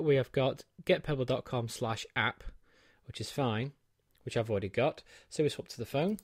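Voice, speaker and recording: A man's voice: mid-range voice, moderate pace, darkish tone, no echo. A man giving a chatty, self-deprecating walkthrough of a gadget in his small home studio, with plenty of ums. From United Kingdom. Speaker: tech reviewer. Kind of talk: unboxing and set-up walkthrough.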